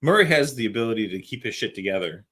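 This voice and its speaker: A man's voice: mid-range voice, animated, fast talker, fairly bright tone. A middle-aged man, a paramedic co-hosting a podcast, telling a story in a laid-back, casual way and swearing freely. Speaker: podcast co-host.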